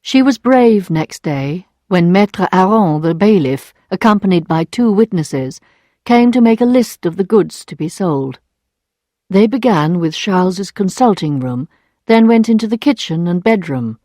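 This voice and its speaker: A woman's voice: lowish voice, animated, measured pace, warm tone, no room sound. Woman reading a story aloud, dry sound. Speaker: narrator. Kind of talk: scripted narration for English learners.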